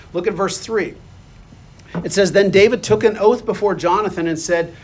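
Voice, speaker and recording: High-pitched male preacher, conversational sermon, reads and acts out scripture. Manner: conversational, asks the listeners questions; reads scripture aloud and acts out the quoted lines.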